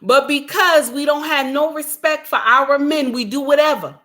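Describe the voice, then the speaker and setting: A woman's voice: high-pitched, moderate pace. Fired-up woman preaching social commentary. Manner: preachy, repeats lines for emphasis, shouts at times. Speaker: commentary vlogger. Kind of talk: impassioned social commentary monologue.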